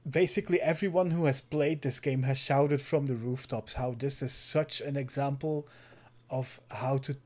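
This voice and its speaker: A man's voice: medium pitch, fairly even intonation, normal speed, darkish tone. Male podcast co-host, earnest and casual, game recommender. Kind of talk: casual chat.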